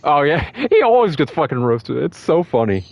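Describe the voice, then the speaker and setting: A man co-hosting a casual gaming chat, rambling and excitable, often breaking into laughs. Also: a little high, normal speed, vocal fry, muffled recording. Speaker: podcast co-host.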